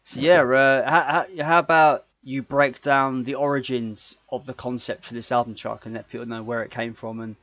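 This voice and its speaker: A man's voice: medium pitch, little pitch movement, moderate pace, hardly any pauses, a bit bright, no room sound. Podcast co-host: man, rambling and jokey, mid voice, dry close recording. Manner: rambling, jokey, stumbles over words. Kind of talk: casual podcast chat. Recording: dry, slightly dull podcast audio.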